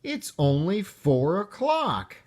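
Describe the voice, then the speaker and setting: A man's voice: high voice, very animated, slow pace, darkish tone, voice pushed up, full character voice. A man reading aloud and voicing a young boy friend who talks in a matter-of-fact way.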